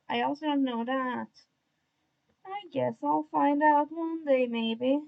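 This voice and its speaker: Young woman streaming her drawing, talks to herself a lot, kinda gravelly, muffled lo-fi audio. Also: high-pitched, slow pace. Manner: self-mocking, chatty, talks to herself; admits to an odd put-on tone today. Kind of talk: casual livestream chat while drawing.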